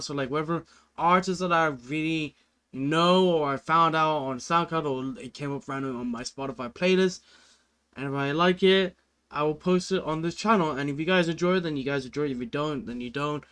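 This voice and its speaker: Smooth-voiced man hosting a casual music reaction. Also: on the high side, fairly bright tone. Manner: rambling, full of "like" and "you know", earnest. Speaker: music reaction video host.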